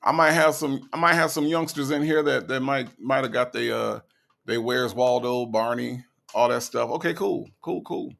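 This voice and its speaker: Gravelly man doing mocking commentary. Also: medium pitch, fairly bright tone. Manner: mocking, sarcastic, drawn-out delivery. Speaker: commentary host. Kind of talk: casual reaction commentary.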